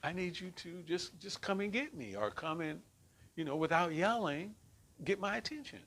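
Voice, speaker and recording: High, bright-voiced male workshop leader. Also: normal speed, creaky. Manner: conversational, keeps checking in with "right?". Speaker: relationship workshop facilitator. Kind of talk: teaching a group class.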